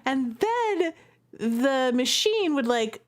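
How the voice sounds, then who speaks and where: A woman streamer chats with her viewers over a game, playful and quick to laugh. Her voice sits high and swoops widely, though she takes her time. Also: very animated. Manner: playful, laughing often, talking to chat. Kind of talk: live-stream game commentary.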